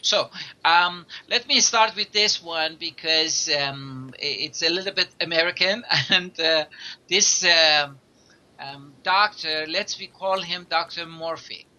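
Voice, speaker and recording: Bright-voiced non-native English-speaking man. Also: fairly high pitch, slight background noise. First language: not English. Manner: halting, many fillers, laughs often. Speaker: guest. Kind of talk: conversational storytelling.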